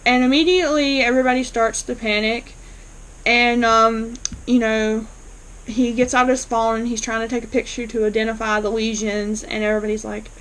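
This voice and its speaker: A woman's voice: a little high, flat delivery, moderate pace, a bit bright, a little hiss or hum, rough recording. A woman casually recapping a TV episode, retelling scenes with quoted lines and laughing along. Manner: chatty retelling with quoted dialogue, laughs often. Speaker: fan reviewing a TV episode.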